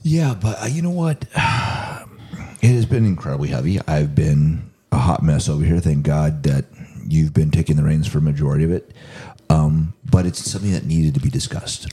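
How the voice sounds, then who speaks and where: A man's voice: very deep voice, moderate pace, warm tone, slightly rough. A man co-hosting a podcast, talking in an impassioned way with his voice rising when upset. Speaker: podcast co-host. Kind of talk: casual chat.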